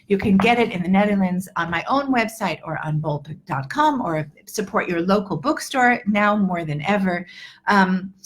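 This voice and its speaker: A woman in her fifties who teaches English and coaches accents leads a live online lesson, chatty and earnest, full of fillers and restarts. Her voice is mid-range and husky.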